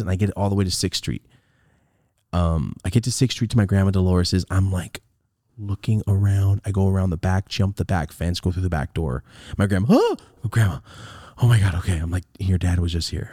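A young man telling a story on his podcast in a casual, animated way, swearing and acting out the lines of the people he quotes. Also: on the low side, no room sound, clean studio sound. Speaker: podcast host.

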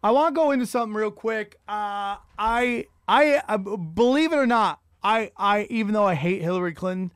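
A man's voice: high-pitched, normal speed, few pauses, fairly bright tone, smooth, no room sound, studio quality. Profane, rambling man telling stories. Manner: profane, rambling, self-mocking storyteller. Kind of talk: casual chat.

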